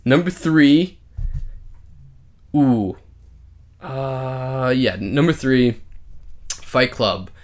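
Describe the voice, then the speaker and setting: A man's voice: medium pitch, very slow, pauses often. A man co-hosting a casual podcast, counting down favorite movie scenes in a rambling, profane way. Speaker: podcast co-host.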